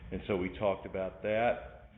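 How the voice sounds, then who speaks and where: A man's voice: low voice, little pitch movement, measured pace. A man teaching an art class, recapping in a rambling way with many fillers and asides. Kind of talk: recorded lecture recap. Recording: echoey room over a tinny phone-like line with faint noise.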